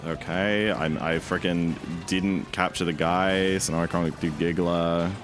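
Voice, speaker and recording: A young British man chatting casually while streaming a speedrun, rambling with sudden excited outbursts. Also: low voice, measured pace, over music. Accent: British English. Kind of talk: casual livestream chat.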